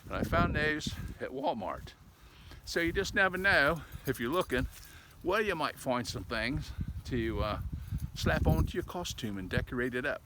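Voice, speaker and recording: Out on a country road with his dogs, an older vlogger rambles in a fairly high voice with big pitch swings at a moderate pace. He's talkative and folksy, a bit winded, tacking "eh?" onto his lines over dog and countryside noise in a noisy recording.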